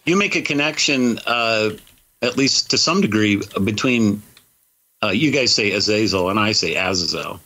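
A man's voice: on the low side, expressive, normal speed, bright, forceful tone, low-quality recording. A man joking casually as a panelist in a roundtable discussion over a video call.

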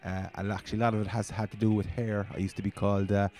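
Rambling, low-voiced Cork man. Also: little pitch movement, quick pace, darkish tone, soft background music. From Ireland. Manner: rambling, chatty, easygoing. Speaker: gaming channel host. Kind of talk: casual gaming commentary.

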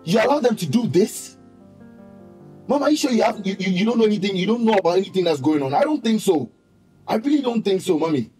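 A man's voice: high voice, very animated, fast, dark tone, faint music behind. An actor playing a betrayed young father who accuses his mother with repeated, demanding questions. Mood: furious. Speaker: son confronting his mother. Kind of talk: TV drama acting.

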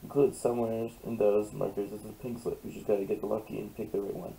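A man's voice: on the low side, little pitch movement, fast, vocal fry, poor audio. A young man casually commenting on his gameplay, rambling with lots of fillers and restarts. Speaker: gameplay video host. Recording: loud background noise.

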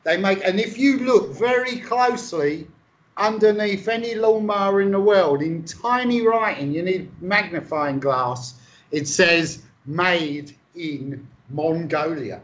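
A man's voice: high voice, expressive, a little slow, lo-fi sound. A man from England improvising a comedy chat, rambling and sweary with a mock-earnest tone. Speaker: comedy co-host.

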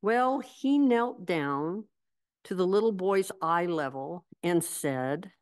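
A woman pastor delivering a sermon, telling stories in a measured, reflective way. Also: lowish voice, animated, smooth.

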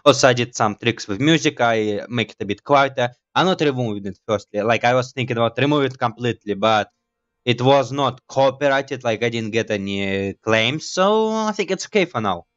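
A man's voice: mid-range voice, lively intonation, brisk, a bit bright, muffled recording. A man doing let's play commentary as a gaming YouTuber, rambling and teasing himself. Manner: rambling, self-mocking chatter.

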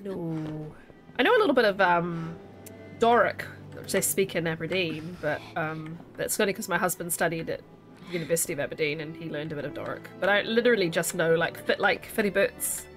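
A woman's voice: fairly low pitch, a little fast, faint music behind. A woman streaming a video game, chatting casually and animatedly with a questioning lilt.

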